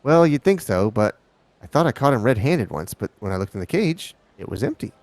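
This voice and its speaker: A man's voice: mid-range voice, big pitch swings, fairly quick, darkish tone. A man streaming a game live, reading the characters' lines aloud and sometimes stumbling over words.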